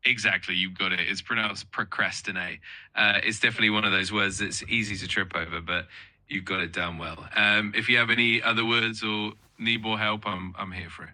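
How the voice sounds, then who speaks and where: A man's voice: on the low side, steady tone, brisk, bright, forceful tone, poor audio. A man tutoring English vocabulary, explaining word meanings patiently and encouraging the learner. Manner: encouraging, upbeat, offers more help.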